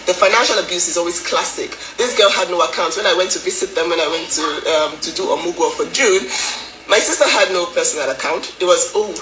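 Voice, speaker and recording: A woman's voice: on the low side, fast, fairly bright tone, echoey room, a little hiss or hum, poor audio. A woman in an indignant rant to camera, repeating words for emphasis. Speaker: vlogger's sister.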